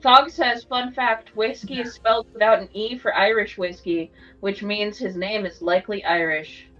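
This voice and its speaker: A woman's voice: mid-range voice, steady tone, normal speed, a bit bright, soft background music. A woman chatting off-camera with the host, giving dry, curt replies. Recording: distant, dull off-mic sound.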